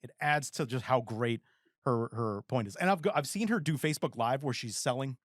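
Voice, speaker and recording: A man's voice: mid-range voice, a little fast, no room sound. Man, forties, podcast co-host, casual rambling chat, dry close mic. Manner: rambling, animated storytelling with acted-out quotes.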